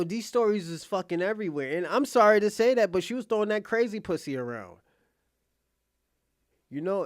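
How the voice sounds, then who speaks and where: An online commentator with a high-pitched voice delivers a blunt, profane, casual rant to his viewers, repeatedly insisting he's being honest and laughing between lines. The audio is studio quality with no echo.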